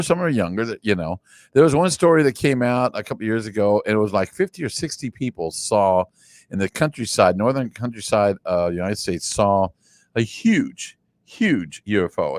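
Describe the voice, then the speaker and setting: A man talks casually, telling stories in a meandering way and often restarting his sentences. His pitch rises and falls a lot. The recording is dry and close. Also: dry recording. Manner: rambling storyteller, many restarts. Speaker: podcast host. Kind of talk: casual chat.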